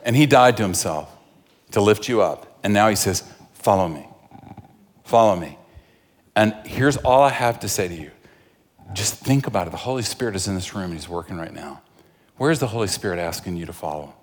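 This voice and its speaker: A man's voice: lively intonation, fairly quick. Man preaching in an echoing hall. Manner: swings from fervent highs to hushed, intimate pleas. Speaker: pastor. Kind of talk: sermon. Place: church sanctuary. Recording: long reverb of a large hall.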